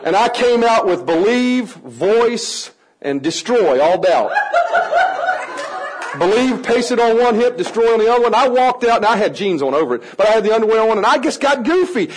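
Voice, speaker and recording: A man teaching a room of adults how to work with children, energetic and playful, coaxing the audience to join in. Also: high-pitched, moderate pace, background noise. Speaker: children's ministry trainer. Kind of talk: lively teaching talk to an audience.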